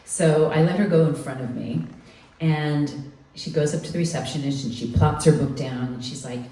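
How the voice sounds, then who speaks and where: A woman in her twenties tells a story live on stage, her voice very low and mellow. She speaks from a little way off the mic in an echoey room with a faint hiss behind her. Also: moderate pace, far from the mic. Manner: animated, acts out the people she quotes.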